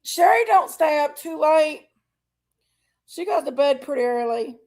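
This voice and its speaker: A woman's voice: high-pitched, animated, unhurried, darkish tone. A woman, hosting a casual livestream, greeting viewers by name and talking openly about personal struggles. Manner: chatty, greets viewers by name, says honey and y'all. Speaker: livestream host. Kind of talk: casual chat with live viewers.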